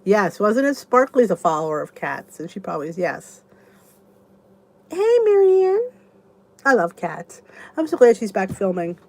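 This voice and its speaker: A woman's voice: on the low side, lively intonation, moderate pace, vocal fry. A woman in her fifties hosting a casual live chat, answering viewers by name and rambling in a chatty way with many restarts. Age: 50s. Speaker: YouTube channel host.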